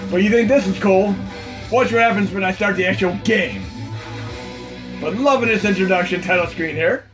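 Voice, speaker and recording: A man's voice: high voice, moderate pace. A man hosting a retro gaming video, chatting casually and enthusiastically over gameplay, rambling with frequent fillers. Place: home computer setup. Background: loud game music.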